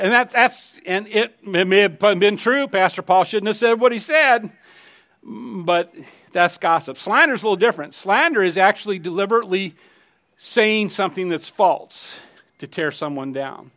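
A man's voice: high voice, moderate pace, a bit bright. A middle-aged man preaching a sermon, conversational and emphatic, telling personal stories. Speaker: pastor.

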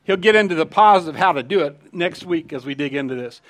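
High-voiced preaching man. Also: expressive, fast talker. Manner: conversational, emphatic preaching with personal stories. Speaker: pastor. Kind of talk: sermon.

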